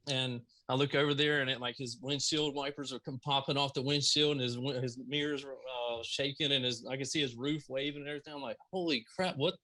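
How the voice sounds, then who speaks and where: A man from Mississippi with a Southern accent, a podcast guest telling stories in an animated, casual way over a video call. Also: medium pitch, quick pace, few pauses. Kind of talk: casual storytelling.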